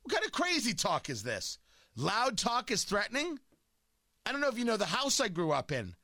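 A man hosting an opinion show, talking loud, combative and mocking. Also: high voice, wildly swooping pitch, moderate pace, no room sound, clean studio sound. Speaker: talk radio host. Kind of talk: opinion monologue.

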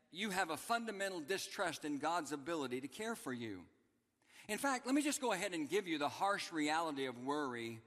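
A man's voice: on the high side, a bit bright, big-room sound. A man preaching a sermon as pastor, emphatic and repeating his key phrases for the congregation. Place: church sanctuary.

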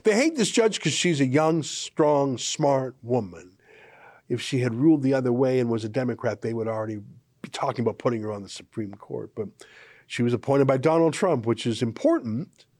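A man's voice: on the high side, darkish tone, no echo, studio quality. A man from Canada hosting an opinion commentary show, talking in a sarcastic, mocking and emphatic way.

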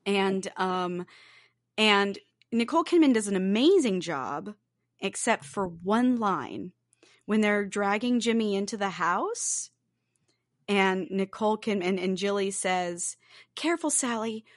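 A woman's voice: medium pitch, lively intonation, slow, dry recording, clean studio sound. A woman co-hosting a podcast in casual chat, talking freely with lots of fillers and the odd swear. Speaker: podcast co-host. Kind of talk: casual chat about a film.

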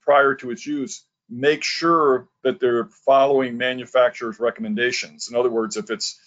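A man giving practical advice on a webinar, speaking hesitantly with many pauses and restarts. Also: mid-range voice, little pitch movement, a bit bright. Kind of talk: webinar talk. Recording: lo-fi online call audio.

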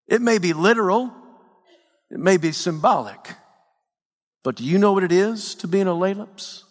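A man pastor delivering a dramatic sermon, swinging from hushed tones to shouts. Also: high voice, moderate pace, big-room sound.

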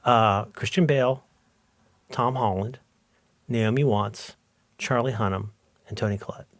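A man co-hosting a podcast in casual chat, telling stories with quick asides and animated energy. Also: on the low side, no echo, clean studio sound. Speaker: podcast co-host.

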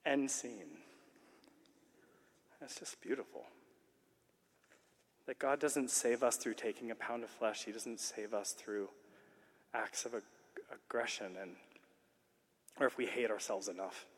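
A man's voice: mid-range voice, measured pace, long pauses, breathy edge. Earnest man preaching in a reverberant hall. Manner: earnest, animated storytelling. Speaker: conference speaker. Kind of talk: sermon-like conference talk. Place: large conference hall. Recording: long reverb of a large hall.

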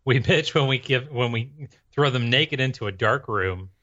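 A man co-hosting a podcast in casual chat, joking in a dry, deadpan way. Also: medium pitch, normal speed. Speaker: podcast co-host. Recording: slightly dull, lo-fi sound.

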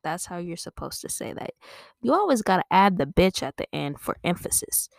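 A woman hosting a comedy podcast, rambling and swearing freely as she riffs. Her mid-pitched voice has a gravelly edge, and the sound is close and dry with no room echo. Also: very animated, brisk. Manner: profane, rambling, playful. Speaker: podcast host. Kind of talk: casual comedic riffing.

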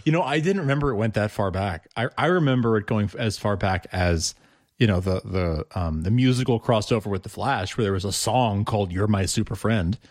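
A man co-hosting a podcast in casual chat, agreeable and enthusiastic, with quick asides. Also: on the low side, dry recording, studio quality. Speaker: podcast co-host.

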